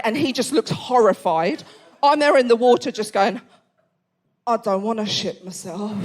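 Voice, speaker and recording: High-pitched woman doing stand-up. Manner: animated storytelling with loud acted-out voices. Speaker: stand-up comedian. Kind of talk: live stand-up set. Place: comedy club stage before a live audience.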